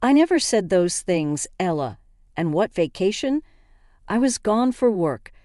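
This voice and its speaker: A narrator voicing an angry, defensive husband who sounds accusing and indignant. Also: male voice, high-pitched, very animated, measured pace, a little mellow, no echo, clean studio sound. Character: angry, defensive cheating husband, adult man.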